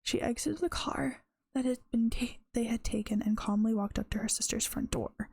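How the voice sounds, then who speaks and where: A woman's voice: on the high side, steady tone, moderate pace, creaky, a little mellow, husky, no echo. A tired woman streamer reading her own story aloud, correcting herself as she goes. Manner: unpolished reading with self-corrections. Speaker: streamer and writer.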